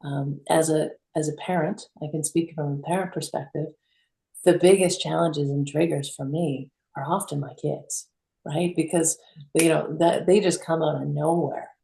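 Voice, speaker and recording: Female co-host, low gravelly voice, mellow tone, roomy sound, lively storyteller. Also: moderate pace. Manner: animated storytelling, acts out quotes. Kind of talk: reflective conversational talk. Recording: roomy echo.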